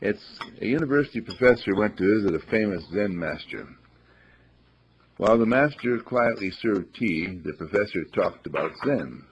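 Gravelly, husky man telling spiritual parables. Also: on the low side, animated, moderate pace. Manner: soft-spoken storyteller, voices characters in quotes. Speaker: spiritual teacher. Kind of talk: reflective spiritual talk with told stories. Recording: dull lo-fi recording.

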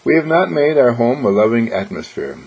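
Husky gravelly guy doing an earnest inspirational radio talk, kinda preachy. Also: medium pitch, expressive, fairly quick, a little mellow, poor audio. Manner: earnest, preacherly, acts out everyday dialogue. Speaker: spiritual teacher hosting an inspirational program.

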